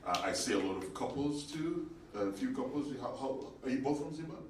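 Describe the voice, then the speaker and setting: Speaking a little fast in a mid-range voice, a male Ugandan comedian does a stand-up set with crowd work in a roomy club. He tells animated stories, voices the people he quotes, and chats with the live audience. The recording sounds distant, with audience noise.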